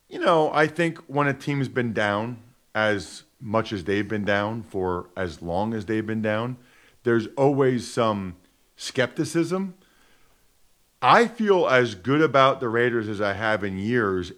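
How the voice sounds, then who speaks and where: A man's voice: medium pitch, a bit bright. A man giving emphatic, conversational football analysis on a radio sports show.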